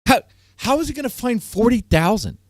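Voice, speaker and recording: A man's voice: very high voice, very animated, brisk, no echo, studio quality. A man hosting a casual live-stream panel, ranting and repeating himself, breaking into laughter often. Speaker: stream host.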